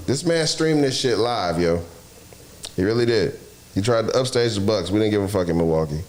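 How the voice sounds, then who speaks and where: A man hosting a casual sports talk show, loud and profane, laughing often as he talks. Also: fairly low pitch, animated, brisk. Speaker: podcast host. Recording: roomy echo, faint noise.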